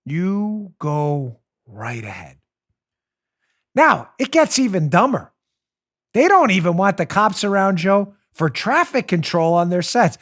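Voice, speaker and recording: A fairly high-pitched middle-aged man hosts a talk show with a sarcastic, mocking edge. He swings between brisk asides and loud, theatrical rants. His voice rides up and down as he needles his targets. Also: expressive. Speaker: host. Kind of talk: opinionated political talk show.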